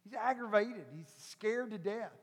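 A male pastor preaching a sermon, telling a story animatedly and acting out the characters before building to loud preaching. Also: high voice, moderate pace, slightly rough. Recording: long hall reverb.

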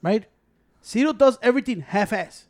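A man's voice: high-pitched, animated, normal speed, a little mellow, dry recording, clean studio sound. A man with a Mexican American accent who mixes in Spanish, ranting in profane, repetitive bursts during casual podcast banter at a microphone. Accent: Mexican American English, mixing in Spanish. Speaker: podcast co-host.

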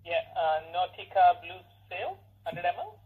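A man's voice: high voice, sing-song, measured pace, slightly rough, phone-quality sound. A man answering a customer call at a pharmacy, polite and patient. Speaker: pharmacy phone worker. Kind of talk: customer service phone call.

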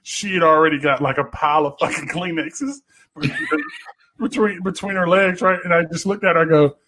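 A man's voice: sits high, wildly swooping pitch, moderate pace, pushed and bright, a little hiss or hum. A man hosting a casual chat, telling rambling, profane stories and laughing often. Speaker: podcast host.

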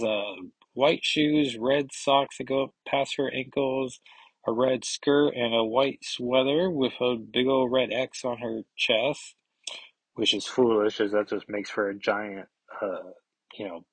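Husky-voiced man recapping comics. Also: mid-range voice, a little slow, no echo, poor audio. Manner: chatty, wry asides, many fillers. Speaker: podcast host. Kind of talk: casual comic book recap.

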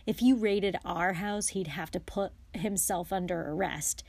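A woman's voice: lowish voice, unhurried, darkish tone, dry recording. Woman voicing a mischievous teen wizard boy in an audiobook, playful, dry close sound.

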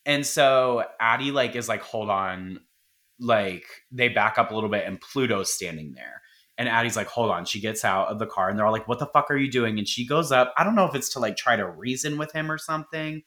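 A man in casual podcast chat, retelling a movie plot with lots of swearing and quick quoted lines. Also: medium pitch. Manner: profane, animated retelling with quoted voices. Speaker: podcast co-host.

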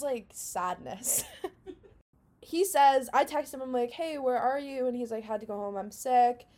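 A young woman co-hosting a podcast, telling a story in a casual, animated way and laughing often. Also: fairly high pitch. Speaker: podcast co-host.

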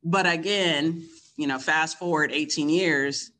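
A woman's voice: low voice, unhurried, sharp tone. A woman in her fifties from Kentucky, the host's mother, telling her own story frankly and candidly in casual conversation, often laughing.

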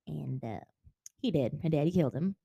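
A woman's voice: sits low, lively intonation, normal speed, creaky, warm tone, slightly rough, no echo, highs cut off. A woman co-hosting a casual book-discussion podcast. She talks animatedly, swears freely and acts out characters' lines. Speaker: podcast co-host.

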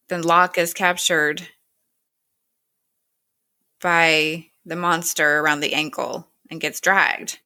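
A woman's voice: fairly low pitch, pushed and bright. A woman casually retelling a TV episode scene by scene, quoting the characters with "he's like" and "she's like". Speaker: show recapper.

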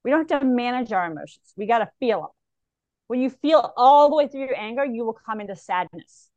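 A woman, a psychic medium, talking in an interview, animated and slipping into the voices of the people she describes. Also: fairly high pitch, brisk, dry recording, dull audio. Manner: animated, acts out clients' voices in quotes. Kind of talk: conversational interview talk.

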